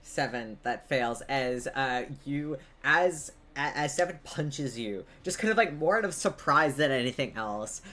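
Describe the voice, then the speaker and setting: A woman's voice: rumbling low, animated, unhurried, few pauses, a bit bright. A woman narrating a tabletop game as game master, hesitant, with many ums and likes.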